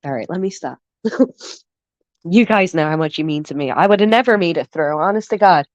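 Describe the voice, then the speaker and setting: A woman's voice: on the low side, no room sound, highs cut off. Profane, emotional woman hosting a live stream. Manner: candid, emotional and profane, shifts quickly between sappy and indignant. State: recovering from the flu. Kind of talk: casual live-stream chat, reading and answering chat.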